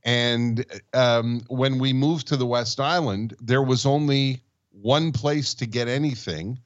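A man's voice: mid-range voice, slow, lo-fi sound. Rambling older man telling stories. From Montreal, Canada. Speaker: podcast co-host. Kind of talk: casual storytelling chat.

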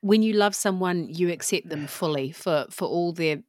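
Brief: female interviewer, low-ish voice, gentle and affirming, dry close sound. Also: normal speed, no room sound. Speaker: podcast host.

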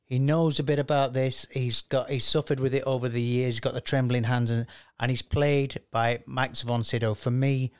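A man's voice: medium pitch, level tone, moderate pace, clean tone, dry recording, clean studio sound. A man hosting a casual film chat, teasing his co-hosts and keeping the talk moving. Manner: teasing, drives the conversation. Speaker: podcast host.

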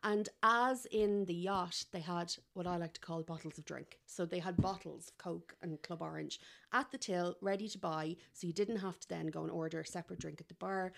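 An Irish woman co-hosting a casual podcast. Her voice sits fairly low, and she speaks in a dry, measured way. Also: fairly even intonation, gravelly. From Ireland. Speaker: podcast co-host. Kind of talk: casual chat.

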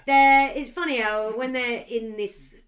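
A woman co-hosting a podcast in casual chat, animated, quick to laugh and swear. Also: on the high side. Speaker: podcast co-host.

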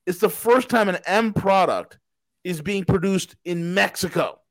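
A man's voice: high voice, measured pace, no room sound, low-quality recording. A man hosting a podcast, giving a casual but heated markets commentary, asking himself rhetorical questions and swearing for emphasis. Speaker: podcast host.

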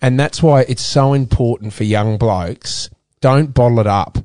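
A middle-aged Australian man, a former footballer turned radio presenter, talking candidly in an interview, earnest and halting with frequent restarts. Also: mid-range voice, a little mellow, clear, resonant tone, no echo, studio quality.

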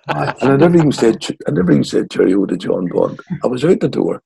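Gravelly Northern Irish older man. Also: medium pitch, brisk, no echo, low-quality recording. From Northern Ireland. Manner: lively yarn-spinner acting out quotes. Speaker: guest, former footballer. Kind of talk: anecdotal storytelling.

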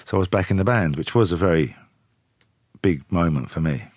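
A man, telling lively anecdotes with chuckles as a studio guest. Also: low voice, a little fast, dry recording. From England. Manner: lively, chuckling storyteller with frequent "you know". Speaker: musician, guest. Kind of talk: casual chat, anecdotal storytelling.

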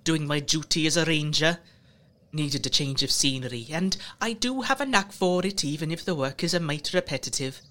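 A man's voice: fairly high pitch, animated, moderate pace, sharp tone, pitched above the performer's own voice. A man voicing a cruel, chatty trickster ranger who tells stories gleefully and slips into other people's voices. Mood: breezy. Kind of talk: audio drama acting.

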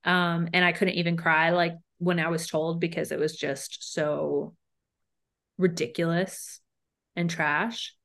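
A woman's voice: lowish voice, level tone, takes it slowly, fairly bright tone. A young woman co-hosting a podcast, telling personal stories candidly and emphatically. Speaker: podcast co-host. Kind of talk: casual chat.

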